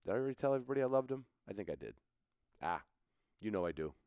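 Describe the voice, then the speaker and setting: A man's voice: lowish voice, very animated, rapid-fire, dark tone, smooth. A road-weary man hosting a podcast in casual, rambling chat, joking about himself between asides, recorded at a picnic table in a garage. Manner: jokey, self-mocking, rambling asides. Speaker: podcast host.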